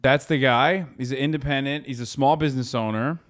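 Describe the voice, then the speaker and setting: A man chatting casually as a stream co-host, firing off quick, disbelieving jokey reactions. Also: medium pitch, fairly even intonation. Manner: quick, incredulous joking reactions. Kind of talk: casual chat.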